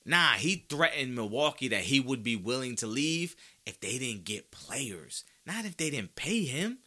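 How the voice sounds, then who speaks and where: A man hosting a sports podcast in a very bright, sharp voice, ranting in a casual, slangy way. His pitch swings widely as he fires off rhetorical questions. He argues with strong, confident opinions. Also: big pitch swings, unhurried. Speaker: podcast host.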